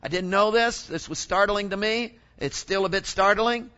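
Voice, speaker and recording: A man preaching a sermon in an animated way, often exclaiming and asking the congregation questions. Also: high-pitched, normal speed, dull audio.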